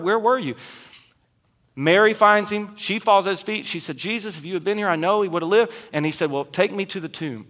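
A man preaching a sermon as pastor, retelling scripture with loud emphasis and quiet, dropped asides. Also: sits high, long reverb tail.

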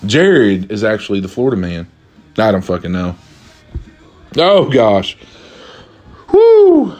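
A man's voice: a little high, a little mellow. Rambling, cussing man. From Kentucky. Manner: rambling, swears constantly, many restarts and fillers. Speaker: vlogger. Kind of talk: profane comedic rant.

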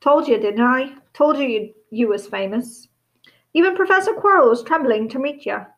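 A woman's voice: high voice, animated, normal speed, muffled recording. A huge, good-natured man speaks in blunt, homely phrases, as a woman reads him. He keeps it short and plain. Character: huge gruff male groundskeeper giant.

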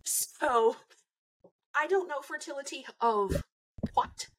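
A woman's voice: sits high, expressive, slow. A woman guest in casual podcast chat, explaining things bluntly and teasing her host dryly.

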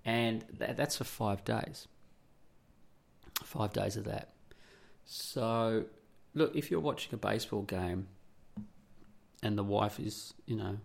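A man's voice: on the low side, takes it slowly, gravelly, pauses often. An Australian man hosting a podcast in a rambling, blunt monologue, swearing freely. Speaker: podcast host. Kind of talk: casual opinionated monologue.

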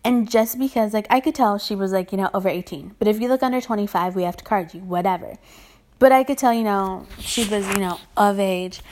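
In a brisk, medium-pitched voice with a darkish tone, which she describes as annoying, a young retail worker vents in a casual ranting vlog. She sounds exasperated and profane, her speech packed with fillers.

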